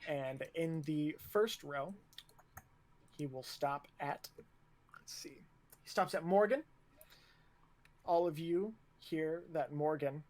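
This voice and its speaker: Slow-talking male game master. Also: fairly high pitch. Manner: relaxed, stop-start narration with fillers. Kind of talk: narrating a tabletop game.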